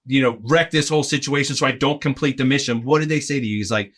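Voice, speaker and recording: A man in his forties, a podcast guest, telling a long anecdote in a casual, animated way, acting out the people he quotes and peppering his talk with "like" and "right?". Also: mid-range voice, fast. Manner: animated, acts out quoted voices, lots of "like" and "right?". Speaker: podcast guest, arena in-game host.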